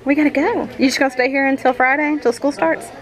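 A woman's voice: high voice, fairly even intonation, quick pace, crowd noise. A young woman, a mom filming her family, chatting in a playful, doting way and often laughing. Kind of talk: casual family vlog chat. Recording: noisy handheld camera audio.

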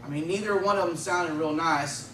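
A man's voice: on the high side, moderate pace, roomy sound, recorded from a distance, heavy background noise. A man giving a personal testimony at church, telling his story conversationally and chuckling often.

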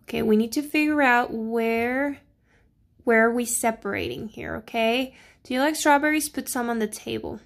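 With a voice on the high side and touched by vocal fry, a woman teacher works through a grammar lesson with children. She takes it slowly and patiently, and she keeps asking "okay?" and "right?" along the way.

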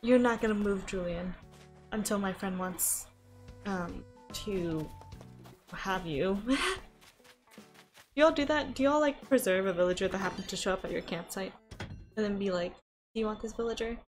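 A woman's voice: mid-range voice, a little slow, long pauses, soft background music. A young woman with an American accent chatting casually on a live game stream, thinking aloud with frequent gasps and laughs, into a desk microphone. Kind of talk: casual live-stream chat while gaming.

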